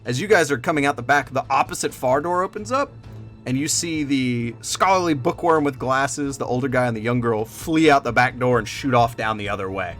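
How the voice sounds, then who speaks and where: A man's voice: medium pitch, brisk, a bit bright, faint music behind. A man running a tabletop game as game master, narrating loosely with lots of casual fillers and the odd swear.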